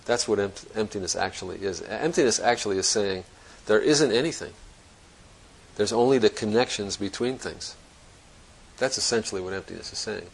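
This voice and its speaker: A man's voice: fairly low pitch, moderate pace, creaky, husky, rough recording. A man giving a Zen dharma talk to students, thinking aloud in a reflective, conversational way and often restarting his sentences. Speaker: Zen teacher.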